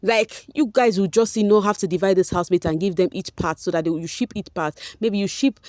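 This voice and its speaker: Woman, Nigerian accent, mellow tone, dry close sound, casual gossip vlog, chatty. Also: mid-range voice, fairly quick, no room sound. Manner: chatty, animated, addresses viewers as guys. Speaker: vlog host. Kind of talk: casual gossip commentary reading fan posts.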